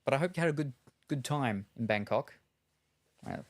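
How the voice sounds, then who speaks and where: A man's voice: medium pitch, animated, normal speed. A man chatting casually on a live stream while unboxing, rambling and chuckling between remarks, on a headset.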